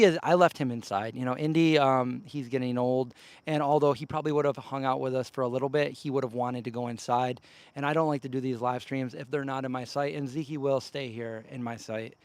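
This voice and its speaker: A man's voice: medium pitch, darkish tone. A man hosting a casual livestream outdoors by a campfire, rambling loosely and breaking off to call his dogs, speaking close into a handheld news-style mic. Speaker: livestream host. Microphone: handheld news-style mic held close.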